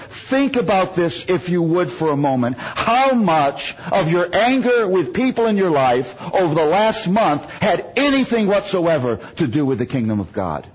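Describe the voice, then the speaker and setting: A man's voice: sits high, slightly rough, highs cut off. A man from the United States preaching a sermon, telling humorous stories and making self-mocking jokes.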